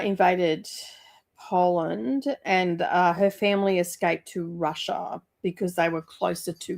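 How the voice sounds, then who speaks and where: A woman with a lowish voice and vocal fry chats casually about books as a vlogger. She rambles and uses lots of fillers.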